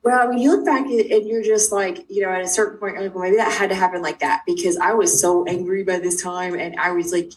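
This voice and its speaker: Animated middle-aged woman telling her story. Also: lowish voice. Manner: fast, emphatic, acts out quoted dialogue. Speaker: guest. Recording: distant mic with faint noise.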